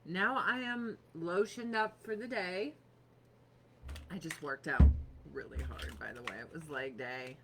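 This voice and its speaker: A woman's voice: medium pitch, animated, unhurried, background noise. A woman in her thirties chatting casually on a livestream from her home office desk, profane and sarcastic.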